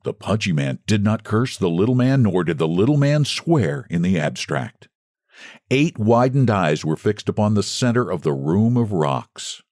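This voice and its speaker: Low-voiced man reading a story aloud. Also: moderate pace, no room sound, clean studio sound. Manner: expressive storytelling delivery. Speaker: narrator.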